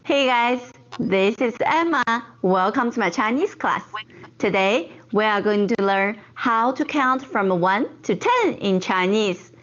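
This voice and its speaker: A woman teaching counting in a scripted video lesson, saying each word slowly again and again. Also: a little high, animated, fairly bright tone. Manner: slow, drawn-out repetition of each word. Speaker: online Chinese tutor. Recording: dull lo-fi video audio.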